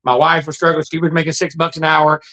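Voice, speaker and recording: A man's voice: a little high, monotone, quick pace, bright, forceful tone, lo-fi sound. A middle-aged man, telling his own life story in a plain-spoken, earnest, folksy way. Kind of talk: casual storytelling monologue.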